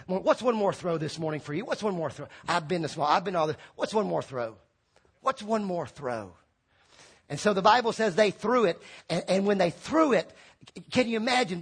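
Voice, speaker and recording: A man preaching a lively sermon, acting out quoted voices and shouting for emphasis. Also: high voice, vocal fry, breathy edge.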